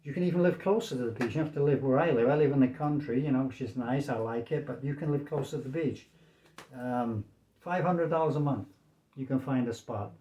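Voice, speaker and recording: This American man in his sixties talks fairly quickly in a mellow, medium-pitched voice, with reverb from the small apartment room where he vlogs. His commentary is casual and rambling, circling back over points and punctuated by "okay?"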